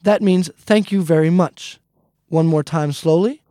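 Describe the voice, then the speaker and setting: A man's voice: fairly high pitch, unhurried, dark tone, dry recording, studio quality. A man teaching a casual language lesson, friendly and repetitive, often calling the listeners "guys". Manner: friendly, repeats points, calls listeners "guys".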